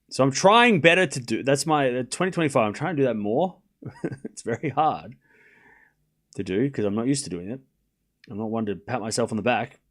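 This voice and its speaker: Young aussie dude streaming tennis commentary, rambly and self-mocking, middle pitch. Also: male voice, fairly bright tone. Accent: Australian. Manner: chatty, self-deprecating, talks to chat. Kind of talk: casual live watchalong commentary.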